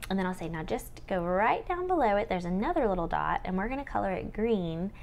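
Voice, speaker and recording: A woman's voice: mid-range voice, very animated, a little fast, vocal fry. A young woman, a homeschool tutor, walking through her lesson plan and acting out the prompts she gives children in a sing-song teacher voice.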